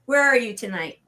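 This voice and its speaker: Bubbly party host lady on a video call, bright voice, kinda high. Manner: bubbly, effusive, calls on guests. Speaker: show host. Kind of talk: live online party show hosting.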